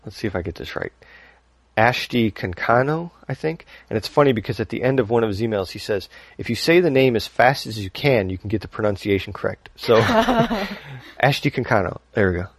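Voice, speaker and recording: A man's voice: fairly low pitch, fast talker, hardly any pauses, dry recording. A man hosting a podcast, talking casually and rambling a little, laughing often as he reads listener email. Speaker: podcast host.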